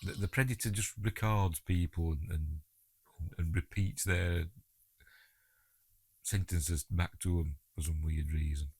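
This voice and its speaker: Husky, deep-voiced Yorkshire man. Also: fairly even intonation, measured pace, a little mellow, no echo, studio quality. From England. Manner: chatty, jokey asides, talks to the characters on screen. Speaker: film commentary host. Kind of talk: casual film audio commentary.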